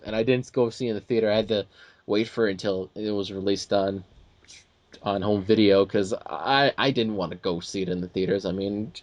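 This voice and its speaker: A man's voice: fairly low pitch, no room sound, highs cut off. A man co-hosting a casual movie talk show, ranting with lots of restarts and acted-out quotes. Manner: animated ranting with many restarts and quoted asides. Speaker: podcast co-host.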